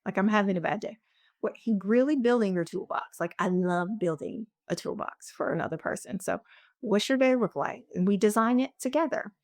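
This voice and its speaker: A woman coach speaks in a relaxed podcast conversation, her voice sitting at an ordinary middle pitch. She sounds earnest and reflective, often slipping into quoted inner thoughts as she explains her ideas. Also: a little fast, no room sound, clean studio sound. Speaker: guest coach.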